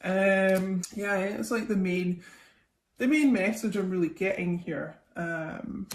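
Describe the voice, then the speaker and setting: A woman's voice: mid-range voice, slow pace. A young woman, a tarot reader, chatting casually through a psychic reading with lots of ums and okays. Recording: echoey room, faint noise.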